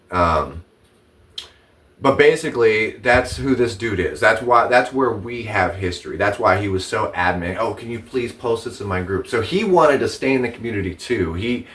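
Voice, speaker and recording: A man with a fairly low voice rants to camera about a feud, swearing freely and circling back over his points. He sits a little back from the microphone, so the sound is slightly distant. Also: expressive, normal speed, a bit bright. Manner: profane, repeats himself, rising indignation. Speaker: vlogger telling his side of a dispute. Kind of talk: casual, heated storytelling to camera.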